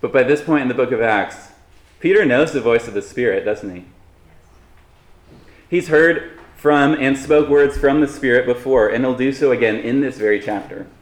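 A man's voice: medium pitch, moderate pace, reverberant. A man preaching a sermon in a conversational way, with light humorous asides to the congregation. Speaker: pastor.

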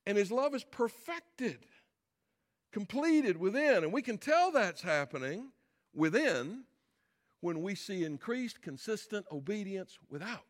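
A man's voice: sits high, big pitch swings, a little slow. A middle-aged man, a pastor, preaching a sermon in a conversational way, asking the audience questions and building to emphatic peaks.

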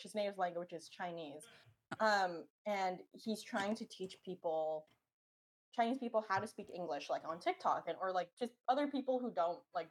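A young woman guest in a casual chat, talking freely with lots of restarts. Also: mid-range voice. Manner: chatty, trailing restarts.

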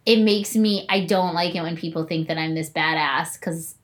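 A woman's voice: deep voice, moderate pace. Chatty woman, laughing and swearing casually. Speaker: martial arts student. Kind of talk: casual chat.

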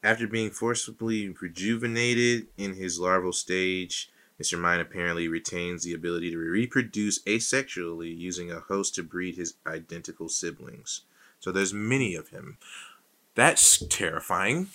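A man co-hosting a podcast, chatting casually about movies in a profane, animated way. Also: deep voice, moderate pace. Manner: profane, animated rants with mock voices. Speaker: podcast co-host.

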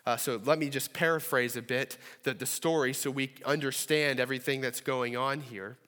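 A man's voice: medium pitch, fairly even intonation, normal speed, fairly bright tone. Earnest male pastor in a reverberant church. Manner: earnest, rises to pleading when voicing prayers. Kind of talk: sermon. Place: church sanctuary.

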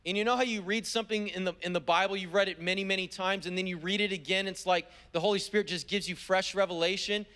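A man preaching a sermon as pastor, driving points home with repeated phrases and slowing down to read scripture. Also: high-pitched, fairly even intonation, pushed and bright. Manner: slows down when reading scripture aloud. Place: church service.

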